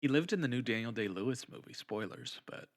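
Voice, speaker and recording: A man's voice: medium pitch, lively intonation, fairly quick. A man co-hosting a film podcast, firing off blunt, profane quips in casual chat. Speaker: podcast co-host.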